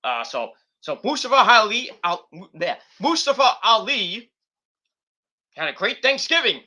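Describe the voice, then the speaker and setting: A man's voice: high voice, very animated, unhurried, pushed and bright. A man hosting a casual late-night wrestling podcast, rambling and profane with lots of fillers. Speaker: podcast host.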